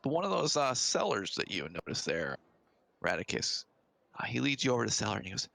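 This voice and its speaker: Gravelly male game master with a dry, close sound, halting and full of fillers. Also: mid-range voice, big pitch swings, pushed and bright, no room sound. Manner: halting, hesitant narration with many fillers. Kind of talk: narrating a tabletop game.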